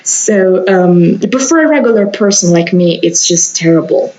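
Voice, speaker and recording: A woman's voice: lowish voice, animated, normal speed, darkish tone, low-quality recording. Chatty young woman with a sore throat. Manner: rambling, chatty, many fillers and restarts. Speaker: Sims building video host. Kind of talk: casual voice-over commentary.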